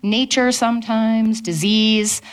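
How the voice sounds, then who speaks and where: A woman historian speaking at a public event, telling history in a lively storytelling way. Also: on the high side, takes it slowly.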